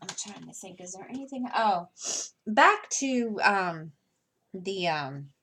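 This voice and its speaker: A woman's voice: mid-range voice, expressive, slow, background noise. A woman chatting casually while she works on a craft project, rambling with many fillers and restarts and chuckling between thoughts. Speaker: crafting vlogger.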